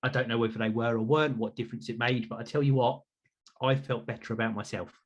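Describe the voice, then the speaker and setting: A man's voice: medium pitch, steady tone, fast talker, muffled recording. A man hosting a podcast, chatting casually in an upbeat, self-reflective way. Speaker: podcast host.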